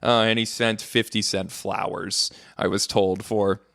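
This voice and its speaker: An American man hosting a casual solo podcast, swearing freely and jumping into high-pitched exclamations. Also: little pitch movement, measured pace, gravelly, fairly bright tone, no room sound, clean studio sound. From United States. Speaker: podcast host.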